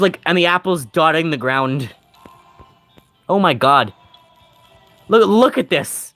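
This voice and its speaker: A man's voice: high voice, lively intonation, unhurried, long pauses, bright, forceful tone, soft background music. A man streaming a game, chatting casually with his chat, rambling and joking with frequent laughter. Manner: rambling, jokey, laughs often. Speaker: gaming streamer.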